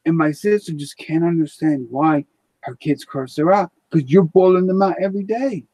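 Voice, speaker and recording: A man's voice: a little high, moderate pace, mellow, no room sound. A man hosting a live stream in casual chat, blunt and rambling, swearing freely.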